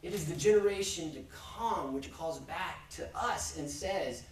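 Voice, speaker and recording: A man's voice: high voice, lively intonation, distant mic, a little hiss or hum. Man preaching in an echoey church. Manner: measured preaching with repeated rhetorical refrains. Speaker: pastor. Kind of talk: sermon. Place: church sanctuary.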